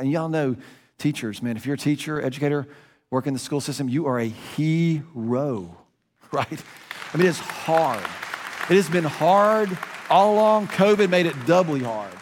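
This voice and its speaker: Pastor preaching in a reverberant hall. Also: male voice, mid-range voice. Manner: conversational storytelling, voice rising and dropping for emphasis. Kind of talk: sermon. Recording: long reverb of a large room.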